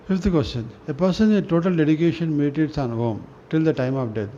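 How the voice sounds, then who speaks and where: A man reading spiritual scripture aloud in a slow, halting way, often restarting words and clearing his throat. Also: fairly high pitch, warm tone. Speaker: reader of a spiritual newsletter. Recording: dull lo-fi recording with faint noise.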